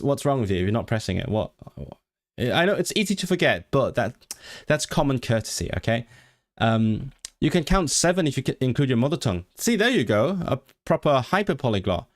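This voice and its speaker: A man whose first language is Cantonese, hosting a casual livestream chat, rambling with many restarts and reading chat messages aloud. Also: medium pitch. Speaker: livestream host.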